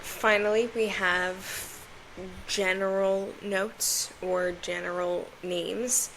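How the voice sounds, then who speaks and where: A young woman co-hosting a book podcast in a relaxed, playful chat, tripping over fantasy names. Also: mid-range voice, drawn-out words, slight background noise, poor audio. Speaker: podcast co-host. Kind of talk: casual chat.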